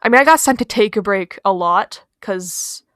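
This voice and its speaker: A young woman telling funny childhood stories in a casual, rambling voice-over, mocking herself and drifting into quiet asides. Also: medium pitch, expressive, moderate pace, dry recording, clean studio sound. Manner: rambling, self-deprecating, trails off into quiet asides. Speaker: storytime channel host. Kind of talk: casual storytime narration over a speedpaint. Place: small bedroom. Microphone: home recording mic, voice-over.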